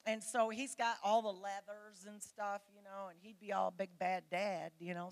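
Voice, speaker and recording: A woman's voice: mid-range voice, level tone, normal speed. A middle-aged woman, a pastor's wife, giving a conversational sermon to her church, full of family stories and told in a chatty, candid way. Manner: chatty and candid, with laughs and mimicked voices.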